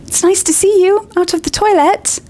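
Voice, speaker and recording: A woman voicing a brisk, bossy young schoolgirl with a falsely bright, exasperated manner while reading a book aloud. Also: very high-pitched, fairly even intonation, voice pushed up.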